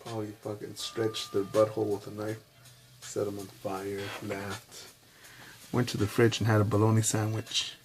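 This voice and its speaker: A man giving a rambling, candid personal monologue to camera, swearing at times and slipping into quick impressions of others. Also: fairly low pitch, little pitch movement, soft background music. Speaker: vlogger.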